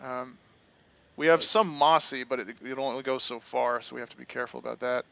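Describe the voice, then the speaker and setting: A man's voice: mid-range voice, steady tone, brisk, vocal fry, bright, forceful tone. A man chatting casually while gaming, agreeable and hesitant as he plans a build. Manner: agreeable, hesitant when planning. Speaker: Minecraft let's play co-host.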